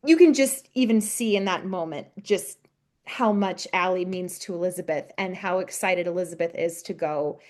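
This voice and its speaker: A woman's voice: fairly low pitch, moderate pace, a little mellow. A woman co-hosting a podcast, chatting casually about a TV episode, gushing, laughing often and acting out characters' lines. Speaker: podcast co-host. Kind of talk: casual chat recapping a TV episode.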